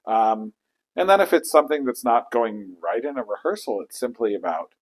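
A man who conducts choirs, speaking reflectively in an interview and acting out inner voices with sudden high exclamations. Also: expressive, moderate pace, rough recording. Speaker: choral conductor. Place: church.

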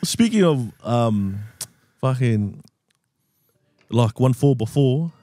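A man's voice: medium pitch, animated, takes it slowly, warm tone, no room sound. A young man rambling and asking questions in a casual chat.

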